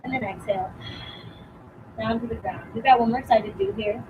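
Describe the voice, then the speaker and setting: A young woman teaching a yoga class outdoors, giving calm, encouraging cues with casual fillers, a bit out of breath. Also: fairly high pitch, fairly quick, narrow, tinny audio, background noise. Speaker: yoga instructor. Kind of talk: guided yoga class instruction.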